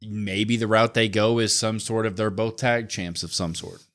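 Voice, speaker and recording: A man co-hosting a podcast, chatting casually about wrestling with a relaxed, hedging manner. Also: on the low side, moderate pace. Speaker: podcast co-host. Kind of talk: casual wrestling recap chat.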